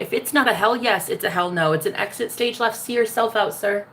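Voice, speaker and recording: A woman's voice: fairly high pitch, a little fast, hardly any pauses, a little hiss or hum. A woman in a casual spiritual vlog, talking sassily and directly to viewers, calling them honey and laughing often. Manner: sassy, talks straight to the viewer, calls them honey; laughs often, jumps between loud and hushed. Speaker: vlogger.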